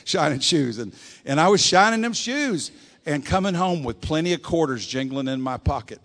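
An older man preaching a sermon, telling folksy stories and swinging between loud and soft. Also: medium pitch. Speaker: pastor. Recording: long echoing hall reverb.

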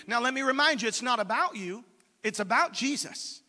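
A male preacher with a very high, piercing bright voice delivers a fiery Pentecostal sermon. He swells into shouts as he drives his points home. His voice rings out with a long reverb through a big church sanctuary. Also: animated, normal speed. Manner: impassioned, rising to shouts.

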